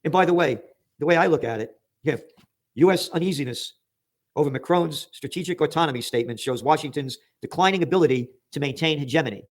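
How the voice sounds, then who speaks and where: A man's voice: on the high side, quick pace. An American man hosting a political commentary show, reading news headlines aloud and ranting about them with sarcastic, emphatic outbursts. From United States.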